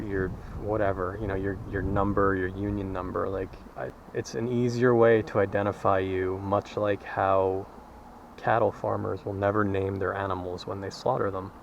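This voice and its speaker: A man's voice: lowish voice, vocal fry, lo-fi sound, slight background noise. A man vlogging while out walking, rambling candidly in a casual monologue and swearing freely. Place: outdoors, walking.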